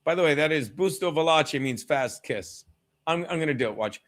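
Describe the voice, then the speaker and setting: A man hosting a casual sports watchalong live stream. He reads chat aloud, laughs a lot, swears freely and sometimes shouts at viewers. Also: fairly high pitch, lively intonation, normal speed.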